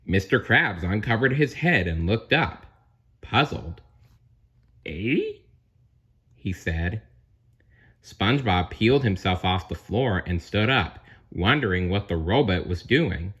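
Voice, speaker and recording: A man reads a storybook aloud in a low, bright voice, taking his time. He adds chatty asides to the listener, his pitch rising and falling with lively expression. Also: unhurried, breathy edge. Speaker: narrator.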